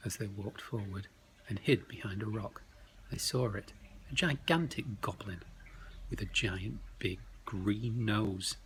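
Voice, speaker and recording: A man telling a bedtime story, slow and expressive, often dropping to hushed tones. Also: on the low side, a little hiss or hum, rough recording.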